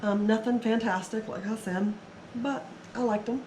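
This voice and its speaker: A woman's voice: a little high, fairly even intonation, moderate pace, darkish tone, slight background noise. Chatty woman in an echoey room. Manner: chatty, rambling storyteller. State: recovering from illness, voice strained. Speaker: reseller vlogger. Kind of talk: casual haul video talk. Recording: echoey room, faint ambience.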